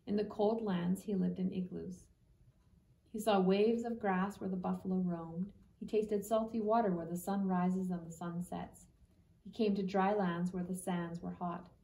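A woman reading the lines of an uncle who is the community's storyteller, telling a tale slowly and with measure. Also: mid-range voice, fairly even intonation, dark tone, close to an everyday voice. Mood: storytelling. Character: tall male storyteller uncle, proud and measured. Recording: echoey room, distant mic.

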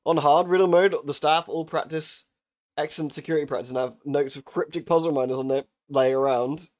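A man's voice: on the high side, fairly even intonation, fairly quick, a little mellow. A young man chatting casually while live-streaming a horror game, joking, swearing and laughing often.

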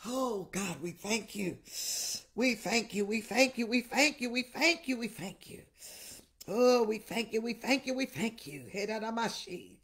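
A middle-aged woman bishop preaching a Pentecostal sermon, crying out in tongues, shouting and weeping, then dropping to a whispered appeal. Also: on the high side, measured pace. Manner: drops to intimate whispered exhortation.

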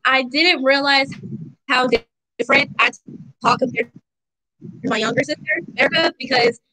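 Bright, chatty young Southern woman. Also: high-pitched, normal speed, no echo, poor audio. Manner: chatty, reads viewer comments aloud. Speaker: co-host reading live comments. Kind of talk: casual livestream chat.

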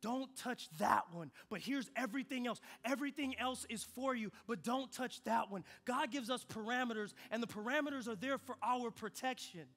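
A young adult man delivers a sermon in a notably high, bright voice. He tells stories with a lively animated sweep, sinking to hushed, reflective moments before climbing back up with energy. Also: moderate pace, few pauses. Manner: animated storytelling with shifts between quiet and loud. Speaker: pastor.

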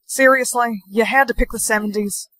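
A woman's voice: fairly high pitch, fairly even intonation, normal speed, fairly bright tone, no echo, lightly acted, rough recording. Woman playing a teasing young man. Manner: playful, teasing. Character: teasing young man who loves history. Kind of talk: TikTok POV skit acting.

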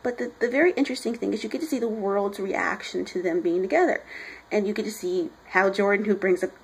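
A woman's voice: mid-range voice, fast talker, husky, rough recording. A young woman reviewing a comic book in casual chat, rambling and chatty as she retells scenes.

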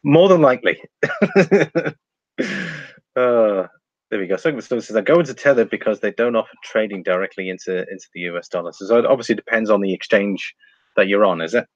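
A man's voice: lowish voice, brisk, no echo, highs cut off. Chatty man reading live chat. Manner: chatty, reads viewer comments aloud, laughs often, trails off. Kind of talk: casual live stream chart commentary.

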